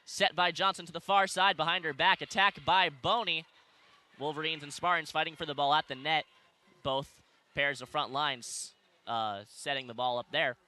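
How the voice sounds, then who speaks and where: A young man doing live play-by-play sports commentary, calling the action quickly and correcting himself as he goes. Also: on the high side, fairly even intonation, bright, forceful tone. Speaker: play-by-play announcer. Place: arena broadcast position.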